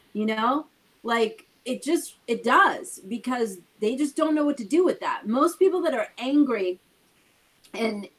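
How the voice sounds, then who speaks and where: A woman with a slightly high voice hosts a casual talk show, earnestly working through her points and repeatedly checking in with "right?". The recording quality is low.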